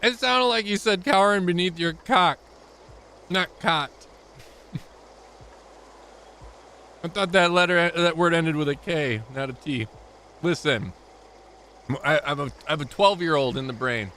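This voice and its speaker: Guy streaming a game live, crude and joking, rambly, bright edge, faint noise under it. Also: on the high side, measured pace, long pauses. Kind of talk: live gameplay commentary.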